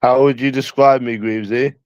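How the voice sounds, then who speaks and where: A man's voice: mid-range voice, steady tone, fairly quick, smooth, no echo, lo-fi sound. A young man with a London accent chatting casually with viewers, teasing them by asking the same questions over and over.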